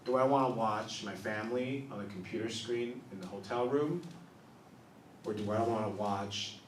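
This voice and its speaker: Comedian in a roomy club. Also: male voice, fairly low pitch, normal speed, slight background noise. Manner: confessional storytelling, swings from soft asides to loud punchlines. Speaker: stand-up comedian. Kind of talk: stand-up comedy set. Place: small improv club stage, live audience. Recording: roomy club sound from a distance.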